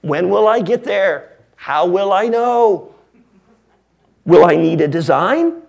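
A man's voice: sits high, lively intonation, creaky, full character voice. A preacher voicing a fretful old man who asks anxious questions in rhyme during a sermon. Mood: anxious pleading. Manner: rhyming, anxious, rapid questions.

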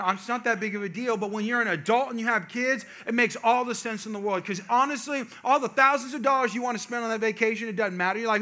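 A man telling a humorous family story to a live audience, with chatty asides to the crowd. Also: high-pitched. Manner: animated, jokey asides to the audience; quick, chatty, self-interrupting. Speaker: speaker addressing a live audience.

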